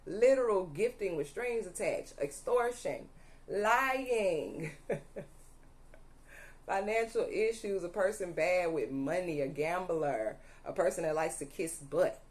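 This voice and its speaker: A woman's voice: on the low side, takes it slowly. A young woman reading tarot cards to her viewers, emphatic and repetitive, often stopping to ask "okay?". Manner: emphatic, repeats "allegedly" and "okay?", audibly angry at times. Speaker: tarot reader.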